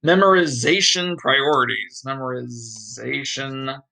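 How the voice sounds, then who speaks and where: A man's voice: mid-range voice, slow pace, gravelly, bright, forceful tone, rough recording. A man thinks aloud, reading course notes and practising a pronunciation in a casual study session. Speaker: online study blogger.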